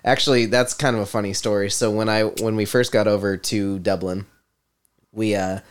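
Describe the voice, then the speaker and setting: A man's voice: fairly low pitch, steady tone, normal speed, clean tone. A man co-hosting a podcast in casual chat, rambling and sarcastic, laughing often. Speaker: podcast co-host.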